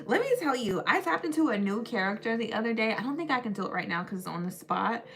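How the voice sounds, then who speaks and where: A woman's voice: on the high side, lively intonation, fast talker, fairly bright tone, a little hiss or hum. A young woman hosting a casual livestream, chatting and giggling as she answers her viewers.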